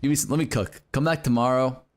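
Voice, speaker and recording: Quick-paced and in a mid-range voice with fairly even intonation, an American game streamer rambles in casual chat with his viewers, full of fillers, swearing, and laughs.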